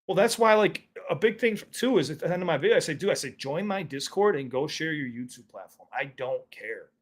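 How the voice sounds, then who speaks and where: A man's voice: a little high, lively intonation, brisk. A man in casual chat as a co-host, talking candidly, swearing freely and telling stories with animation. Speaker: content creator and co-host.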